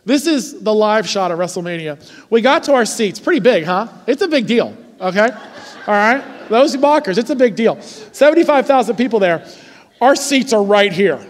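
40s guy pastor, high voice, tells stories chatty style, keeps saying okay. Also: in a large hall. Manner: lively, conversational, often checks in with "okay?". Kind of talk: sermon with storytelling.

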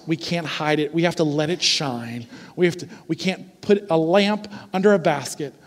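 A man in his forties preaching a sermon, telling stories in a lively, conversational way and often checking in with the congregation. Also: on the high side, long reverb tail. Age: 40s. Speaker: pastor. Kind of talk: sermon with storytelling.

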